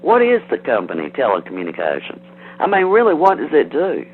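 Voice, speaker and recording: A man's voice: medium pitch, huge pitch swings, brisk, faint music behind. Angry man on a phone line. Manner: defensive, threatening, rambling with restarts. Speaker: prank call target. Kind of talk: heated phone call. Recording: tinny phone line, faint hiss.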